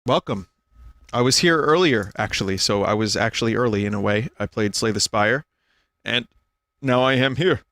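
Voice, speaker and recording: A man's voice: medium pitch, normal speed, fairly bright tone, dry recording. Rambling joking male streamer. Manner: rambling, joking, self-interrupting. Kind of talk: casual gaming livestream chat. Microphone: desk microphone.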